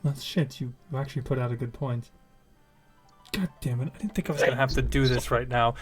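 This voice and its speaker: A man's voice: mid-range voice, fairly quick, faint music behind, pitched below the performer's own voice, lightly acted. A man doing a weary, grumbling town leader. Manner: grumbling, swearing. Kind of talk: game master voicing a character.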